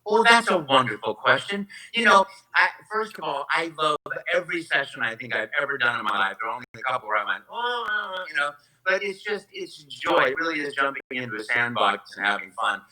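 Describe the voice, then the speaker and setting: A man's voice: mid-range voice, lively intonation, fairly quick, hardly any pauses, pushed and bright, rough recording. A man being interviewed as a voice actor guest on a live-streamed convention Q&A, telling stories effusively with many restarts, talking into a propped-up phone at home. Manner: effusive, enthusiastic storytelling with rambling restarts.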